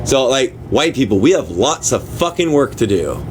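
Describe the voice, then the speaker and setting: A man's voice: mid-range voice, very animated, background noise. Man reading a book aloud on a livestream. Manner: reads haltingly, stops to puzzle over words; talks to viewers offhand, apologetic. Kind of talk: casual live reading with chat asides.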